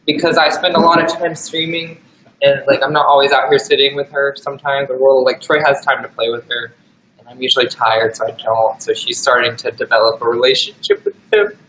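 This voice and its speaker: A man's voice: medium pitch, a little fast, fairly bright tone, echoey room, slight background noise, poor audio. A young man hosting a casual livestream from home, joking and chatting with his dog. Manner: playful, talks to his dog in a teasing voice. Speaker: livestream host.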